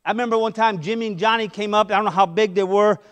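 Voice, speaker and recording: A middle-aged man preaching a sermon as pastor, impassioned, swinging between loud emphasis and hushed asides. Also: high-pitched, steady tone, fast.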